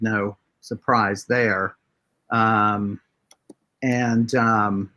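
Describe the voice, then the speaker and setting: Male game master, slow-paced, hesitant, lots of fillers, narrating a tabletop game. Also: mid-range voice, fairly bright tone. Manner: hesitant, many filler words.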